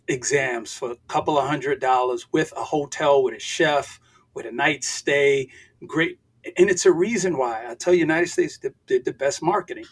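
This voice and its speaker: Husky, emphatic older man. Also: medium pitch. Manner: emphatic and preachy, repeats points, sometimes shouting. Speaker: podcast guest. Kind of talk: impassioned podcast talk.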